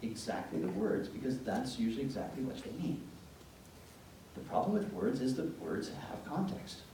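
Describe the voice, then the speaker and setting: A man with a Canadian accent giving an informal talk to parents, a lively storyteller who acts out dialogue in changed voices. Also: mid-range voice, moderate pace. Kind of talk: informal lecture with acted-out anecdotes. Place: meeting room, large and echoey. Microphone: room mic from a distance. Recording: echoey room from a distance, faint noise.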